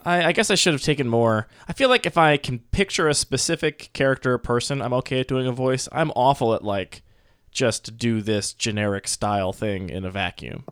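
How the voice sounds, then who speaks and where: A man with a smooth, clear voice hosts a podcast in relaxed, casual chat, often filling with small words. He sounds close and dry, with no room around him. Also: mid-range voice, fairly quick, dry recording. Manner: chatty, uses many fillers like "like". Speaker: podcast host.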